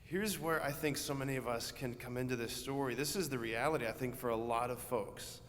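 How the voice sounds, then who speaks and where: A Catholic priest preaching a homily in a conversational, earnest way, telling a story vividly. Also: male voice, mid-range voice, a little fast, long reverb tail, a little hiss or hum.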